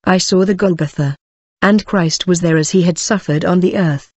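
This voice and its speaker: A woman's voice: lowish voice, moderate pace, a little mellow, breathy edge, dry recording. A woman earnestly telling her religious testimony, speaking directly to her listeners. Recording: dull dry lo-fi recording.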